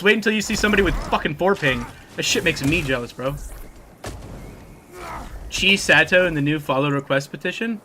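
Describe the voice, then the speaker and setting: A man live-streaming and chatting casually with viewers, excitable and profane, thanking new followers by name. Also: a little high, a little hiss or hum.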